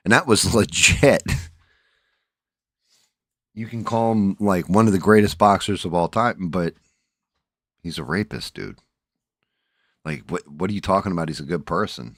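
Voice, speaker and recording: Man, livestream host, very low voice, dry close sound, blunt, profane, rambling, groggy. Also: normal speed, pauses often, a bit bright, no echo. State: groggy, just woke up. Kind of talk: casual livestream chat.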